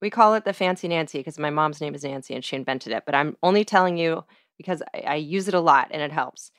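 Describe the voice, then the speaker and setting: A woman's voice: low voice, quick pace, a bit bright, dry recording, studio quality. A woman guest on a podcast, chatting casually in a playful, laughing way as she gives advice.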